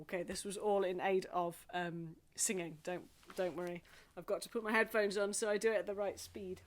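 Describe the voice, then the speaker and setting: A woman leading a singing group through a gentle warm-up, coaching softly and encouragingly. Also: medium pitch, steady tone. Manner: soft, encouraging, slow coaching with playful vocal exercises.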